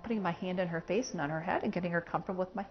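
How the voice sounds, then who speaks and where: Woman dog trainer talking thru a lesson at home, low-ish voice, muffled audio. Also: rapid-fire, soft background music. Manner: practical, explaining while working a puppy.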